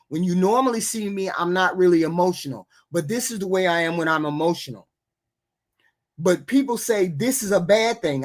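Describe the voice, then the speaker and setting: A woman hosting a livestream talk show, arguing with impassioned energy and often repeating herself as she presses her point. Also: lowish voice. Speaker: host. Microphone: remote call.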